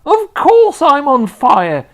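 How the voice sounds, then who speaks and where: Guy putting on a shrill screechy old granny, bossy and cranky, voice shooting way up high, storybook reading. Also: sing-song, very slow, heavily acted. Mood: shrieking panic. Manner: screeching, panicked yells.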